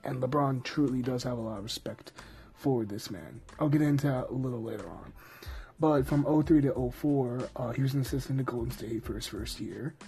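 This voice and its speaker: A man's voice: mid-range voice, brisk, gravelly, dark tone. A young man hosting a casual sports podcast, joking and rambling as he talks. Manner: joking, rambling, laughs at own jokes. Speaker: podcast host.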